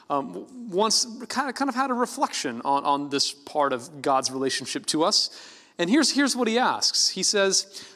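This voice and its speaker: Male pastor, easygoing sermon delivery, expressive intonation, recorded in a reverberant church hall. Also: on the high side. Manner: conversational, lively preaching with light laughs and self-corrections.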